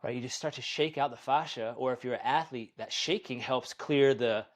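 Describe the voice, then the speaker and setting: A man teaching qigong in a conversation, calm and soothing, who often checks in with "right?". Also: mid-range voice, normal speed. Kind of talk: guided practice in conversation.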